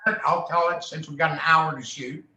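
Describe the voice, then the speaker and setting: A fairly high male voice, steady in tone, brisk, pushed and bright, belongs to a guest who founded a charity ride. Telling loose, joking stories in casual conversation, he does voices for the people he quotes, and the room echoes.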